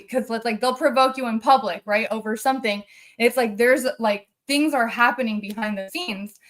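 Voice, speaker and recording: A woman's voice: on the high side, steady tone, moderate pace, a bit bright. A woman, a guest on a live stream, telling a personal story in an earnest, emotional way and circling back over the details. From United States.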